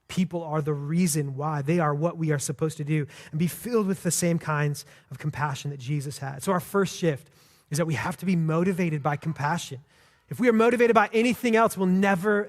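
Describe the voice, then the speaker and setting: A man preaching a sermon as pastor, in a conversational, earnest way with frequent restarts. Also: a little high. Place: church sanctuary. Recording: long hall reverb.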